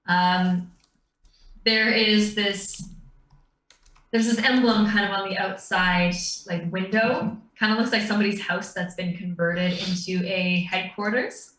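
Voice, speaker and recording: A woman's voice: medium pitch, fairly even intonation, unhurried, a bit bright. Roomy-sounding woman dungeon master. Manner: descriptive, meandering with fillers. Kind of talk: narrating a tabletop game. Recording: roomy, distant mic.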